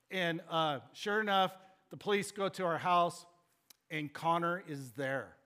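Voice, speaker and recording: Preaching a sermon, this pastor rambles through a family story with animated humor before moving on to scripture. His voice is a little high and his pace a little slow.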